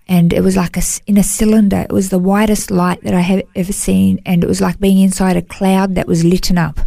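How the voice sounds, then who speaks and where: A woman recounts her story as an interview guest. Her voice is warm and mellow with a gravelly edge. She speaks earnestly and emotionally, leaning often on "you know", and the recording is close and dry. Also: mid-range voice, dry recording. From Australia. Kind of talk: personal testimony in an interview.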